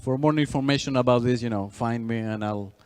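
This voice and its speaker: A man's voice: medium pitch, brisk, smooth. A man with a Greek accent giving a tech conference talk, with many "you know" fillers and restarts. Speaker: conference speaker. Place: conference hall. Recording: long hall reverb.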